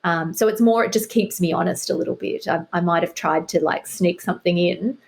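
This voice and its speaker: A woman's voice: on the low side, fairly quick, creaky, a little mellow. A middle-aged woman, a guest author, chatting in an interview with a wry, self-deprecating humor. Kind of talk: casual interview chat.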